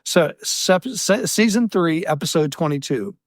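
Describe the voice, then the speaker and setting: A man co-hosting a casual podcast and reading listener mail, animated, often restarting his sentences and laughing. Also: on the high side, a little slow, no echo, clean studio sound. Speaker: podcast co-host.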